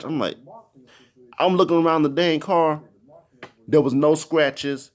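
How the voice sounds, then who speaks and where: A man's voice: a little high, normal speed, long pauses. A man telling a personal story in a casual, rambling, repetitive way. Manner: rambling, repetitive, animated retelling.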